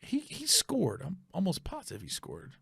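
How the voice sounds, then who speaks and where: A man's voice: high-pitched, wildly swooping pitch, moderate pace, gravelly, a bit bright, slightly rough. A male podcast host telling a casual, rambling story, often stopping to correct himself and check facts aloud.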